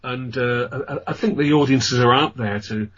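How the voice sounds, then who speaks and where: A man's voice: mid-range voice, moderate pace. A man with an English accent, a ghost tour guide, telling long rambling stories as a radio guest, with many fillers. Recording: dull lo-fi radio audio.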